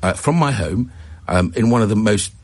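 A man answering in a broadcast interview, hesitant and halting. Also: lowish voice, lively intonation, husky, no echo. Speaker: politician interviewee.

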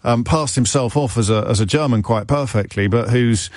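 A man's voice: medium pitch, normal speed, a little mellow, no echo, clean studio sound. A man hosting a radio phone-in, talking in a chatty, wry way with self-amused asides. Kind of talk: talk radio monologue.

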